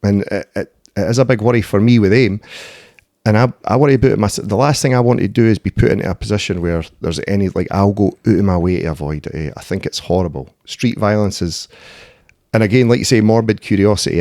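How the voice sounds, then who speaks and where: Swearing freely and speaking bluntly, a thirty-something Scottish MMA fighter and doorman shares stories on a podcast in a casual interview, with frequent "eh" and "mate." He's a fast talker with a lowish, warm voice, recorded dry at studio quality.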